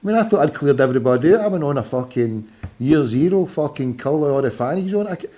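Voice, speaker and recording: A man's voice: fairly high pitch, lively intonation, quick pace, dark tone. A Glaswegian man in his forties hosting a late-night call-in podcast, swearing freely and bantering combatively. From Scotland. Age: 40s. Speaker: podcast host. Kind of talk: casual call-in chat.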